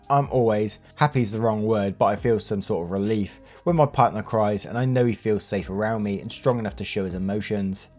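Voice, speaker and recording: A man's voice: fairly low pitch, darkish tone. A man hosting and narrating online stories in a casual, chatty way, often laughing between sentences. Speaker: story narrator and channel host.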